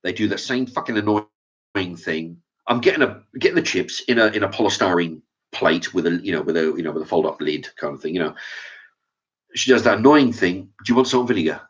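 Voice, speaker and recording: A man's voice: low-pitched, lively intonation, brisk, slightly rough. A man ranting casually to camera as a vlogger, swearing often and stumbling over restarts. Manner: profane, rambling, with stammered restarts. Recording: dull lo-fi sound.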